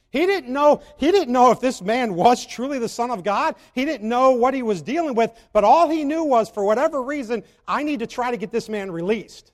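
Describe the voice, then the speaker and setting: A man with a high voice preaches a sermon, and a long reverb from the hall hangs on his words. He alternates between loud, emphatic stretches and quiet, slow reading of scripture.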